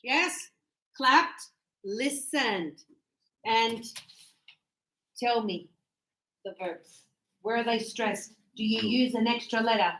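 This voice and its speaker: A woman teaching an English spelling lesson, slowly repeating words and stressing syllables. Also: a little high, a bit bright, roomy sound, low-quality recording. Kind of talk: grammar lesson.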